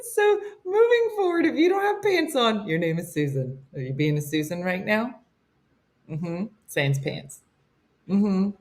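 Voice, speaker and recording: A woman's voice: medium pitch, big pitch swings, unhurried. Woman host, comedy morning show, laughing and teasing, casual banter. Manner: laughing, teasing, reads listener messages.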